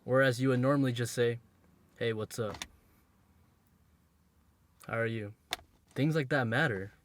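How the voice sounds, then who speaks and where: A man's voice: medium pitch, measured pace, a little hiss or hum. A man giving dating advice in a casual monologue, blunt and emphatic, repeating his points and using street slang.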